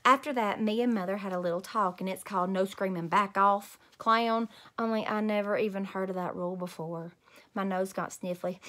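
A teacher reading a children's book aloud, expressive, with chatty asides to young listeners. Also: female voice, mid-range voice.

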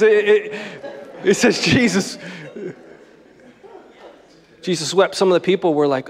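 A man's voice: sits high, a little slow, pauses often, long reverb tail. A man preaching a sermon as pastor, in a conversational, joking style. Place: church sanctuary.

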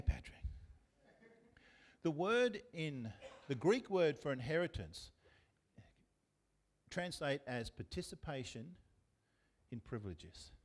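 Speaking in a mid-range voice, a male pastor with an Australian accent preaches to his church congregation. His delivery is conversational, and he poses questions to the people listening.

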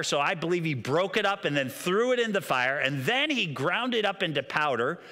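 A male pastor preaching a sermon in an animated storytelling way, often repeating words as he gets excited. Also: fairly high pitch. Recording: long church-hall reverb.

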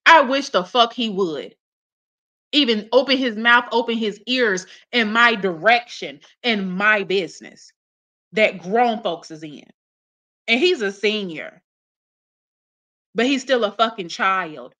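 Blunt, scolding woman with a bright voice. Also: mid-range voice, lively intonation, takes it slowly. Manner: blunt, scolding, swears heavily; mocks others in put-on voices. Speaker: reaction commentator. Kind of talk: profane reaction commentary.

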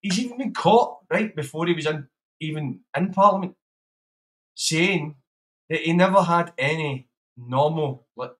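A man's voice: fairly high pitch, a little slow, fairly bright tone. A man ranting profanely to his livestream chat. He is agitated and keeps repeating himself. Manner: keeps asking "know what I mean".

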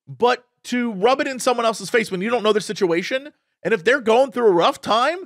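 Young male podcast co-host, high and very lively, dry close sound, opinionated casual chat. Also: brisk, no room sound. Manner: animated, opinionated ranting.

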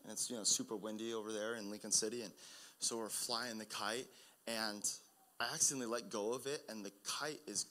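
A young man preaching a sermon, telling personal stories in a conversational way that builds to loud, urgent emphasis. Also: lowish voice, steady tone, brisk. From Oregon, United States. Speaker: pastor.

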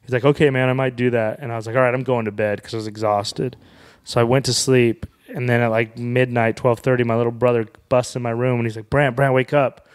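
A man's voice: medium pitch, level tone, quick pace, clear, resonant tone. Man telling a profane story. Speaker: podcast guest, comedian and author. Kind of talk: casual storytelling.

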